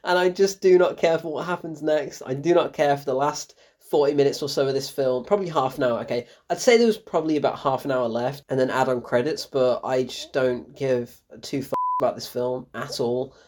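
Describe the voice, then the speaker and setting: A woman's voice: very deep voice, a little fast, few pauses, darkish tone. A woman giving an exasperated, swearing film review, often breaking into laughter.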